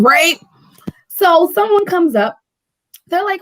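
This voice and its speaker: Animated high-voiced bookstore owner. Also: female voice, measured pace, no room sound, rough recording. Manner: animated storyteller, acting out quoted dialogue; fills speech with "like" and "right?". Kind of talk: casual chat.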